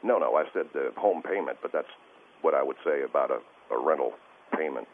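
A male caller on a radio show, talking in a halting, stammering and distressed way over the phone. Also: a bass voice. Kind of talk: call-in radio conversation. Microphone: telephone. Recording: tinny phone line with faint hiss.

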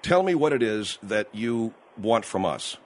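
A man's voice: on the low side, big pitch swings, measured pace. A male radio host questioning a caller in a probing, skeptical way. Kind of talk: call-in radio conversation.

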